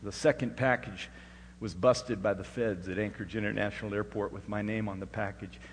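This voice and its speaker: A middle-aged man from Alaska preaching a sermon and telling his own story. He moves between hushed storytelling and loud, rising preaching. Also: lowish voice, steady tone, a little fast, in a large hall, slight background noise. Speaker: pastor. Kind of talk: sermon with personal testimony.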